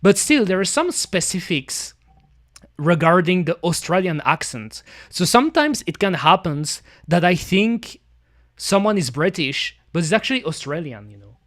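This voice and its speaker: Male streamer, casual reaction chat, meandering and full of restarts, voice a touch high. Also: a bit bright. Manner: rambling, many fillers and restarts, non-native grammar slips.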